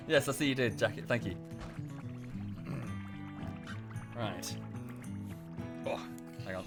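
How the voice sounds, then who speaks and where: A man's voice: on the low side, a little slow, long pauses. A man chatting casually while live-streaming a game at home, often thinking aloud and thanking viewers. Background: background music.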